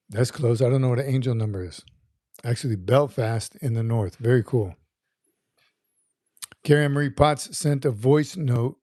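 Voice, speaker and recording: A man's voice: mid-range voice, warm tone, no room sound, studio quality. A man in his fifties hosting a casual livestream, chatting loosely and reading out viewer comments while often repeating his words. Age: 50s. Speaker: livestream host.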